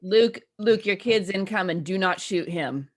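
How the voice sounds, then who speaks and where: A woman playing a tabletop horror game, speaking in a tense, steady, deliberate way. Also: medium pitch. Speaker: player.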